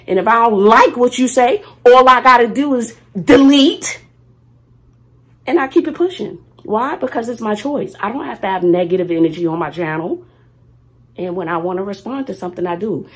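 Lively, husky-voiced woman vlogging. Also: on the high side. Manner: playful, swings from loud to hushed, talks to herself. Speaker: vlogger, teacher. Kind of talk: casual vlog talk to viewers.

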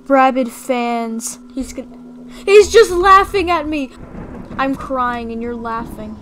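A young woman giving casual, playful commentary as she plays a game, excitable and full of gasps and mock panic. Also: high-pitched, slow. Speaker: gaming video creator.

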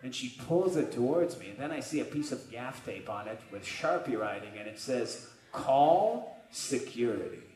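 A man in a band telling a profane, animated story from the stage between songs at a live concert. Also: mid-range voice, a little fast. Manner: profane, animated anecdote with acted-out quotes. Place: live music venue stage. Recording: echoey live room sound.

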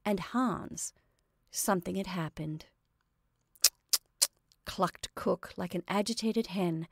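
Brief: woman narrator, measured storybook reading, mid pitch, dry room. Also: a little mellow, no echo.

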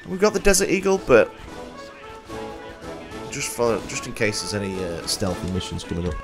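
A man's voice: on the low side, big pitch swings, moderate pace. A man with a Yorkshire accent giving rambling, casual commentary while streaming a game, swearing freely and chatting to viewers. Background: game music.

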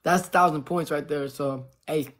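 A man's voice: a little high, a little hiss or hum. A young man hosting a casual livestream, thanking viewers and urging them to send gifts. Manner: fast promotional shout-outs to viewers.

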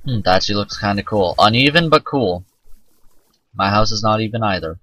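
A man's voice: lowish voice, expressive, brisk, bright, forceful tone, no echo, poor audio. A man casually commenting on his own gameplay, rambling and self-mocking and swearing often. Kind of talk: casual let's-play commentary.

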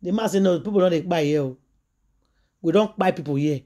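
A woman's voice: lowish voice, brisk, mellow. A Nigerian-accented woman talks to her followers as a vlogger, telling a story. Her delivery is emphatic. She slips into the voices of the people she quotes. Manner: emphatic, retells scenes by acting out quoted voices.

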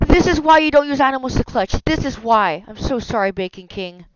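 A woman hosting a gameplay video, chatting casually and crying out in excitement whenever danger strikes. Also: high-pitched, brisk, dry recording, muffled recording. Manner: excitable, yelps and cries of no at danger. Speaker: gaming video host. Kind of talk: casual Minecraft gameplay commentary.

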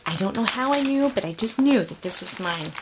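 A woman's voice: mid-range voice, expressive, a little fast, very noisy. A woman opening a craft swap package on video, gushing and gasping with delight at each item. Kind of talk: unboxing vlog.

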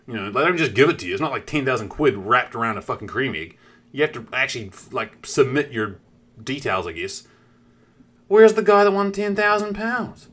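A man chats to his live-stream audience, telling a long, rambling story and swearing freely. His pitch swings widely from line to line. His voice has a bright, forward edge. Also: moderate pace. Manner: animated, swears freely, talks straight to chat.

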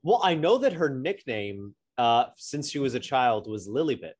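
A man co-hosting a podcast, answering his partner with short, dry, teasing quips. His pitch swings widely, leaping up and down through every remark. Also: very animated, moderate pace. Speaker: podcast co-host. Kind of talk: casual comedic chat.

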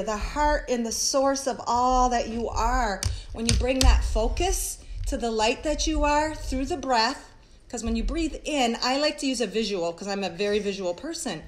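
Earnest higher-pitched woman giving a spiritual talk. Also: rough recording. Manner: flowing, repetitive lists of phrases, addresses viewers as guys; earnest and heartfelt. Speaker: spiritual teacher hosting a live stream. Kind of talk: live-streamed spiritual talk.

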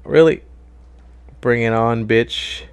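A young man talking through a wrestling video game in loose, casual commentary. He gets excitable fast, swears freely and shouts at what happens on screen. His voice sits at an everyday middle pitch. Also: clean tone. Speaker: gaming YouTuber.

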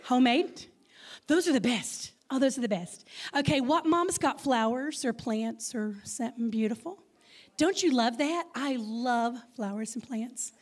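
Texan woman in her 50s preaching to moms, playful, keeps tossing questions at the crowd, slightly high voice. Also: measured pace. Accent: Texas. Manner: lively, playful, calls out questions to the congregation. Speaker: guest speaker. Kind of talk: Mother's Day sermon with audience call-and-response.

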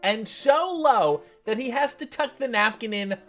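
A man's voice: extremely high pitch, expressive, measured pace, faint music behind. A man hosting a comedic recap of a TV episode, with sarcastic, profane asides. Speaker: host.

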